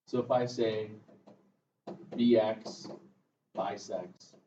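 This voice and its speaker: A man's voice: on the high side, expressive, normal speed. A male math teacher giving a classroom lecture, chatty and drifting into jokey asides. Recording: echoey classroom, mic far off, muffled, faint room noise.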